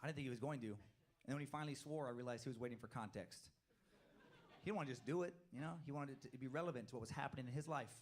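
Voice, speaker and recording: A man performing stand-up comedy, telling family stories in an animated way with laughing asides and quick act-outs. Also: medium pitch, slight background noise.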